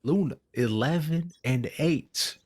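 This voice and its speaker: A man's voice: a little high, slow pace, a little mellow, husky. A man co-casting a live esports match, hyped and playful, joking with slang and stretching words for emphasis. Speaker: esports co-caster. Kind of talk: live color commentary, casual banter.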